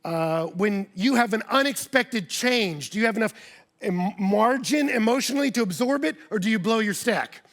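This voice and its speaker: A man, a pastor, preaching a sermon with personal storytelling, animated and acting out quoted dialogue. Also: moderate pace. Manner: animated, acts out quoted dialogue with big pitch jumps.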